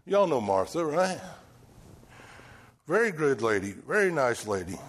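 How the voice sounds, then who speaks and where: A man preaching a folksy sermon, swinging from loud bursts down to hushed lines. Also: a little high, unhurried. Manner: animated, swings from shouting to near-whisper, folksy.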